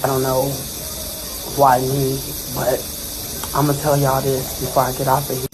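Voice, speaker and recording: Man, emotional, defensive, rambling, mid-pitched, noisy phone livestream audio. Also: monotone, normal speed. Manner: earnest and defensive, rambling with repetitions. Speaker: social media personality speaking on a livestream. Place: dentist's office.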